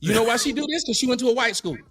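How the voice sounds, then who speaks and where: A middle-aged man hosting a podcast, arguing in a preachy, mocking, animated way. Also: extremely high pitch, rapid-fire, breathy edge, soft background music. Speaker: podcast host. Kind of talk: heated casual debate. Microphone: studio mic.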